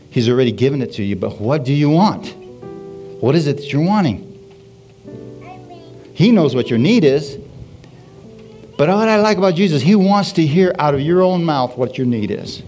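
Animated preacher man with guitar behind. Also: medium pitch, moderate pace. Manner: animated, repeats phrases, frequent hallelujahs. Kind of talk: sermon.

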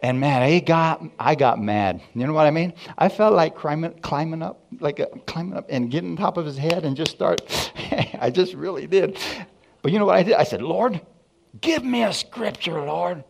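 Gravelly-voiced guy preaching, tells his story, acts out all the voices. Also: a little high, a little fast. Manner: storytelling, animated, acts out dialogue. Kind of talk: testimony sermon.

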